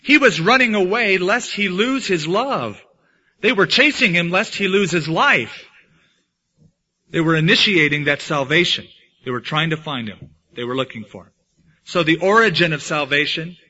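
A man preaching a sermon as pastor, swinging from loud emphatic lines to hushed ones. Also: on the high side, lively intonation, moderate pace, breathy edge. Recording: dull lo-fi sound.

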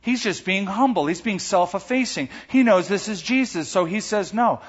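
A pastor preaching a sermon, animated, acting out the voices he quotes. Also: high voice, normal speed, husky, in a large hall, dull audio.

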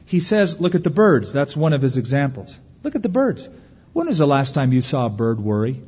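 A man preaching a sermon as pastor, lively, acting out the anxious voices of worriers. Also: medium pitch, fairly quick, husky. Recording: dull lo-fi recording with long hall reverb.

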